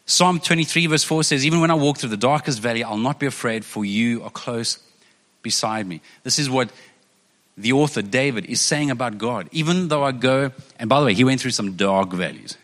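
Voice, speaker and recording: A man's voice: mid-range voice, brisk, a bit bright, in a large hall. A man preaching as a pastor, earnest and conversational, often repeating phrases for emphasis. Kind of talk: sermon.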